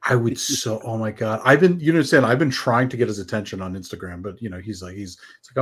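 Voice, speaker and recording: A man's voice: on the low side, fast talker, hardly any pauses, fairly bright tone, breathy edge. Playful, rambling male co-host. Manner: hesitant, full of fillers and restarts, playful. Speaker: podcast co-host. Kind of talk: casual pop culture chat.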